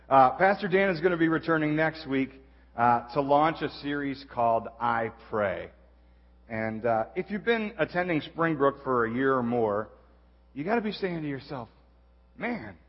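A young man, a youth pastor, giving a chatty, self-deprecating sermon introduction full of fillers. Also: medium pitch. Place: church auditorium. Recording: dull echoey church hall.

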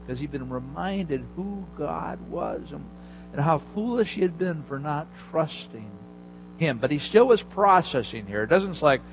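A male pastor delivers a conversational sermon in a somewhat high voice, retelling a story vividly and turning to his listeners with casual asides. The recording sounds dull and lo-fi, with faint music in the background. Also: animated, normal speed, gravelly.

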